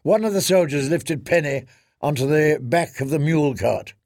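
A man reading a fantasy audiobook in a measured, dramatic narration. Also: fairly high pitch, expressive, darkish tone, no echo, studio quality.

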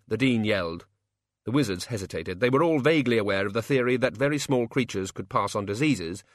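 Male audiobook narrator; measured, even storytelling, dry close mic. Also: medium pitch, no echo. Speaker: audiobook reader. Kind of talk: scripted narration.

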